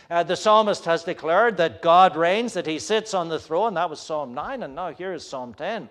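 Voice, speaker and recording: A man preaching a sermon in an earnest, searching way, often pausing and hesitating. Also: high voice.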